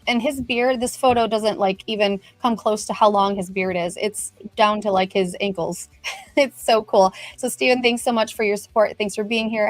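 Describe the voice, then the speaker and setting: A woman's voice: on the high side, no echo. Chatty woman greeting livestream viewers. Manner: chatty, many fillers, greets viewers by name. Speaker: livestream host. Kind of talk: casual livestream chat.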